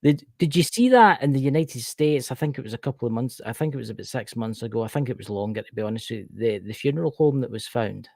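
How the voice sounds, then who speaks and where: Guy, gravelly, blunt and emphatic, dry close sound. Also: medium pitch, expressive, fast, few pauses, a little mellow, no echo. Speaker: co-host. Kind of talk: casual chat on a live stream. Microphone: video call.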